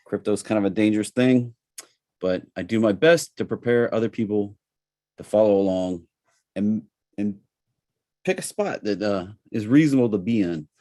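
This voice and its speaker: A man with a Southern accent hosting a live trading webinar, talking in a relaxed, chatty way with plenty of fillers. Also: fairly low pitch, normal speed, no echo, studio quality. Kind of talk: casual live webinar presentation.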